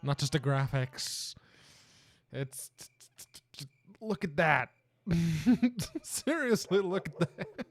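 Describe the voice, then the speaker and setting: A man's voice: on the high side, big pitch swings, takes it slowly, long pauses. A man hosting a live stream, chatting casually and laughing often as he plays a role-playing game and teases what happens on screen. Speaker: livestream game host. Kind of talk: casual let's-play commentary.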